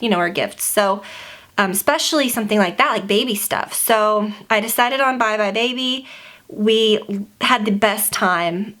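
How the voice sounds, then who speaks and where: A woman's voice: medium pitch, fairly bright tone. A pregnant woman in her twenties giving a casual, gushing vlog update at home, near tears and full of fillers. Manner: chatty, gushing, many fillers. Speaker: beauty vlogger.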